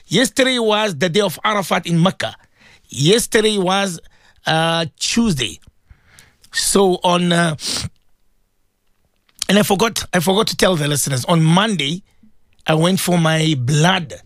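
A middle-aged man gives a devotional talk on the radio in a somewhat high voice. He is insistent and pleading and circles back over the same words again and again. He keeps asking the audience direct questions, and the sound is close and dry. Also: big pitch swings, unhurried, a bit bright, no echo. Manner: emphatic and pleading, repeating words and phrases; addresses listeners directly with questions. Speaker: radio preacher and host.

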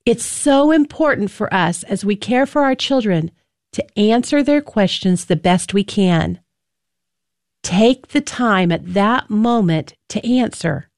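A woman's voice: mid-range voice, lively intonation, slow, darkish tone, dry recording. Brief: female host, chatty and direct, close dry studio sound. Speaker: presenter. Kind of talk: reflective talk to listeners.

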